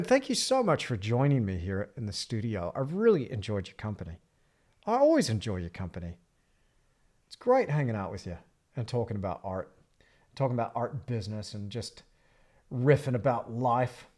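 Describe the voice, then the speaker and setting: A man with an average-pitched voice, talking casually into a livestream from his studio. He rambles and reflects as he works on a painting. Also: a little mellow. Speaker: artist streaming while painting. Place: art studio, indoors.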